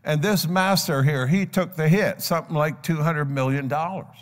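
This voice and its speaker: A man's voice: fairly high pitch, moderate pace. An older man preaching a sermon, telling a parable and acting out its characters' voices. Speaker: pastor. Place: church sanctuary. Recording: long church hall reverb. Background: live congregation.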